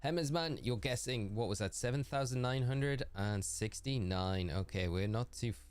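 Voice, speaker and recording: A man's voice: medium pitch, normal speed, darkish tone, clear, resonant tone. A man with a northeastern English accent, a livestreamer chatting casually while gaming, laughing often and answering viewers by name. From northeast England.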